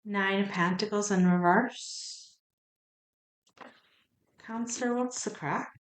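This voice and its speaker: Slow, chatty woman reading tarot. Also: mid-range voice, roomy sound. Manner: chatty and emotional, asking the cards questions aloud. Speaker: tarot reader. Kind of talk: spoken tarot card reading.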